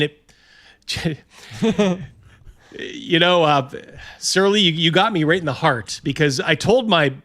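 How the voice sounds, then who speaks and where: A middle-aged man with a fairly high voice tells stories on a casual hosted chat. He talks animatedly and acts out the voices of the people in his tales. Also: a bit bright. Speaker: host.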